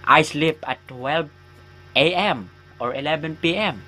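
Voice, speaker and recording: Here a gaming YouTuber's voice runs on the high side, bright and forceful yet unhurried. Playing a horror game, he rambles casually through let's-play chat, teasing himself and letting out yelps at every scare.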